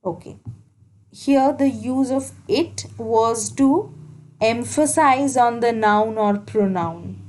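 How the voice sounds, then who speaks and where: A woman's voice: on the high side, slow, darkish tone, slight background noise, low-quality recording. A woman teaching grammar for exams, explaining step by step and repeating key points. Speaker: English teacher. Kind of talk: exam-prep grammar lesson.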